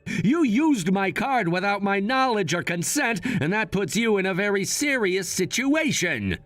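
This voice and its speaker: A man's voice: sits high, sing-song, measured pace, fairly bright tone, no echo, faint music behind, exaggerated voice. A man voicing a coolly scheming adult son in a text-message story drama, firm and matter-of-fact.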